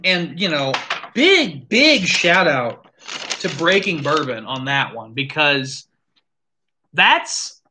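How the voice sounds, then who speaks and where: Animated, bright-voiced whiskey tasting host. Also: mid-range voice, a little hiss or hum. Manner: animated, swears casually, thinks aloud. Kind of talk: casual live tasting chat.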